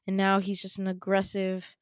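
A man's voice: sits high, normal speed, smooth, no echo, studio quality, close to an everyday voice. A woman reciting a cold scientist father. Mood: dismissive. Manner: calm, clinical and unmoved.

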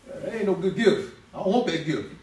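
A man preaching a conversational sermon, lively and quick to laugh, acting out the voices he quotes. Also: high-pitched. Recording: roomy echo from a distance, faint ambience.

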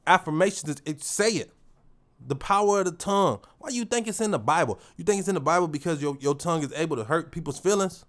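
A man's voice: on the high side, expressive, quick pace. Preachy, slangy man hosting a podcast. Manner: preachy, slangy, repeats phrases for emphasis. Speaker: podcast host. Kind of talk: motivational monologue.

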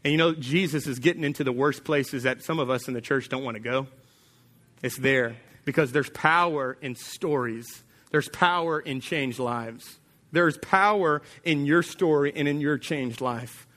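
A man preaching a sermon as pastor, telling a story with animated delivery and acting out the voices of its people. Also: mid-range voice, measured pace.

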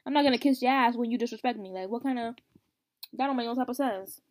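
A young woman in casual podcast chat with a high voice. She rants animatedly in slang, mimicking the people she complains about. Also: fast, a little mellow.

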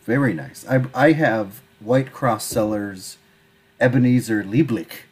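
A man co-hosting a casual podcast, dry and laughing often, with halting restarts. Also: medium pitch, a little mellow, slightly rough. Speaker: podcast co-host. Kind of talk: casual chat over drinks.

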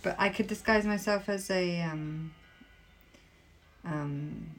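A woman's voice: on the low side, takes it slowly. Tentative woman playing a tabletop game. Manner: tentative, questioning. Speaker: player. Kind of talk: casual tabletop play.

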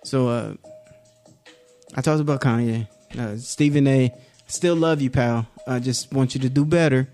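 A man's voice: mid-range voice, a little slow, mellow, soft background music. A man giving a rambling, joking monologue as a video creator, drifting into clumsy freestyle rap. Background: hip-hop beat playing.

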